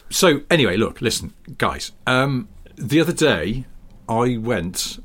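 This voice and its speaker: A man in his thirties from England, co-hosting a casual chat and joking playfully, now and then jumping into high squeaky voices. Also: measured pace. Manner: playful, jokey, animated with sudden high put-on squeals. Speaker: podcast co-host.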